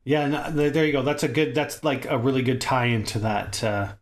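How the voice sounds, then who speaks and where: A man co-hosting a gaming podcast in casual chat, talking in an animated way, swearing freely and laughing often. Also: mid-range voice, normal speed. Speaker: podcast co-host.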